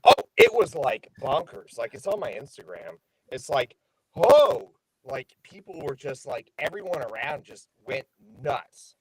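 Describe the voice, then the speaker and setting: Male guest, mid-pitch, wildly expressive delivery, casual chat. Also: normal speed, hardly any pauses, slightly rough, no echo, low-quality recording. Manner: animated storyteller, many restarts. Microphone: close mic on a video call, some static.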